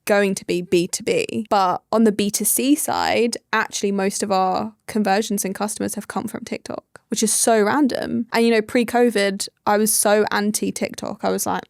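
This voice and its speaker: A woman's voice: medium pitch, steady tone, brisk, vocal fry, dry recording, studio quality. A young woman, a startup founder, chatting casually as a podcast guest and filling her talk with "like". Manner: chatty, full of "like" fillers.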